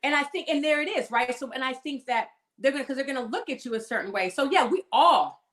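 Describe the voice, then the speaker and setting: A woman with a Californian accent talks in a lively, emphatic way, leaning into her points with frequent laughter. Her voice sits a little high. The recording has noticeable room echo. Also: fast talker. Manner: animated, emphatic, laughs often. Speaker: guest. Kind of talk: casual conversation. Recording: echoey room.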